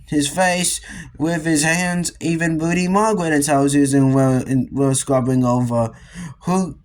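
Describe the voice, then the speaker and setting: Male amateur reader, slightly high voice, slow and stumbling through a storybook. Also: flat delivery. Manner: halting, with frequent restarts and misread words. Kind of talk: reading a children's book aloud.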